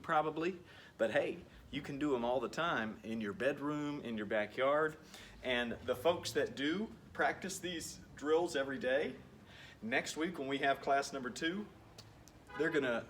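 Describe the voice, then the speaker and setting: A man's voice: mid-range voice, a bit bright, recorded from a distance, a little hiss or hum. A man leading a workout as a PE coach, upbeat and encouraging, joking as he goes, sometimes a bit out of breath. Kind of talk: home workout instruction.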